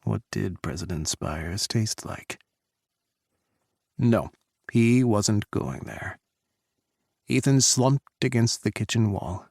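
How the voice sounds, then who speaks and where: A man's voice: fairly low pitch, lively intonation, slow, gravelly, long pauses, a little mellow, breathy edge, no room sound, studio quality. A man narrating an audiobook in an intimate, introspective reading.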